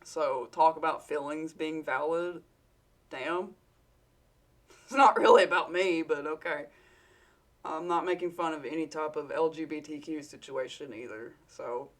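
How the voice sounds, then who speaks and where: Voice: medium pitch, fairly even intonation, a little slow, a bit bright. Casual vlogger with a Southern US drawl, rambling and candid, swearing freely while telling a work story.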